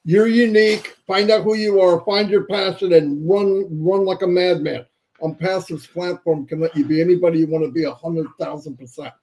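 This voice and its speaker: A man's voice: high-pitched, steady tone, normal speed, a little mellow, low-quality recording. A man hosting a live stream, signing off with upbeat motivational urging. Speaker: host.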